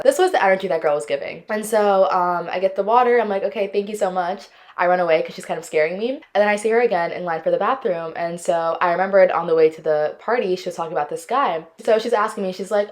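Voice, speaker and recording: A woman's voice: fairly low pitch, fast, few pauses. A young woman in her twenties hosting a podcast, telling dating stories in casual chat and dramatically acting out the people in them. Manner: expressive, dramatic, acts out quotes. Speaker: podcast host.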